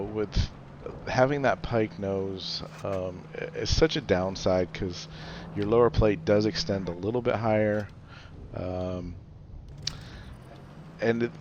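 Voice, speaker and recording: A man giving a relaxed, chatty game review with lots of fillers and little chuckles. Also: lowish voice, noisy background. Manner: chatty, loose, many fillers, chuckles often. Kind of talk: casual gameplay commentary.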